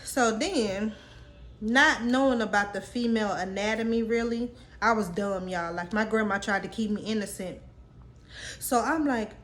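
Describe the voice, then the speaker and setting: A woman's voice: medium pitch, normal speed. A woman in her late twenties telling a personal story to her viewers in a candid, casual, slang-filled way. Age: late 20s. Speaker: vlogger.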